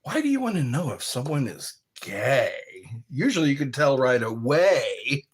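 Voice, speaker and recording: Husky-voiced man, slow and lively. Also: mid-range voice. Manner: rambling and playful, spelling words out. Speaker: live stream host. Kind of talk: casual live-stream chat while snacking.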